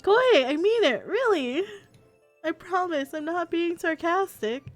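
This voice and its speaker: A woman's voice: extremely high pitch, expressive, unhurried, pitched above the performer's own voice. Woman voicing a flustered young woman, apologetic, visual novel lines, faint music behind. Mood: pleading. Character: nervous young woman, sarcastic adopted sister.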